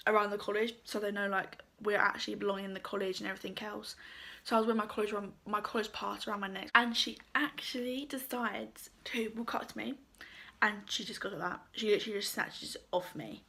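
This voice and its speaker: A young woman vlogger telling a casual storytime, chatty with lots of fillers, her voice a bit croaky. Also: mid-range voice, bright, forceful tone. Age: young adult.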